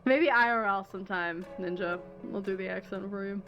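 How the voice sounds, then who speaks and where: A woman's voice: medium pitch, normal speed, fairly bright tone, faint music behind. A young adult woman streaming a game, chatty and self-deprecating, swearing freely. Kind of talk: casual game stream chat.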